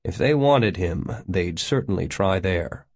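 Low-voiced male audiobook narrator. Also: animated, unhurried, creaky, darkish tone. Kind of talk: scripted narration.

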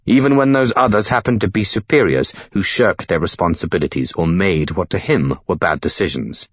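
Deep-voiced man reading a novel aloud. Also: breathy edge, no room sound, dull audio. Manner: measured storytelling delivery. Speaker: audiobook narrator. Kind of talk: scripted narration.

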